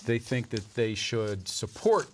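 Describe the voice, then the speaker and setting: Brief: middle-aged cohost, mid-pitched, dry and mock-serious, judges jokes like a panelist. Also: male voice, big pitch swings, takes it slowly, slight background noise. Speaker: co-host, sports commentator. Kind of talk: casual radio banter.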